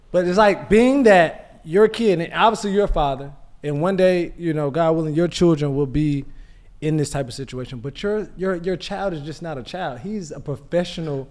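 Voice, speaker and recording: A man co-hosting a casual sports podcast, retelling events in a relaxed way with plenty of quoted speech. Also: fairly high pitch, moderate pace. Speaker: podcast co-host.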